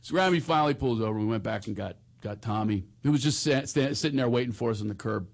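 A man's voice: medium pitch, fast talker, vocal fry. A man telling a funny story in casual chat, laughing often and acting out the other people's lines. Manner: animated, laughing storyteller who acts out the parts.

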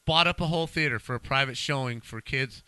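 Bright-voiced middle-aged man, dry sound. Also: medium pitch, a little fast, clear, resonant tone, dry recording. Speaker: podcast co-host. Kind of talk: casual chat.

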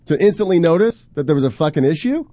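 A man's voice: a little high, animated, fast talker, warm tone, dry recording. A man angrily grilling his staff about a botched event, swearing constantly and firing off questions. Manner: angry, swears constantly, interrogating. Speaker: boss scolding his staff. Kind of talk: heated live-stream argument.

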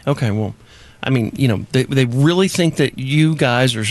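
A man with a Texan accent, a guest on a studio chat show, telling jokey stories in a drawling, animated way. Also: medium pitch, moderate pace. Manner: animated storyteller, drawling and joking.

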